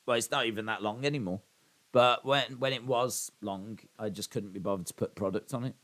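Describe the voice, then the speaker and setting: Bright-voiced streamer, rambling. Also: male voice, on the low side, a little fast. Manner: rambling, self-deprecating. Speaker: watch-along streamer. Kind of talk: live stream chat reading.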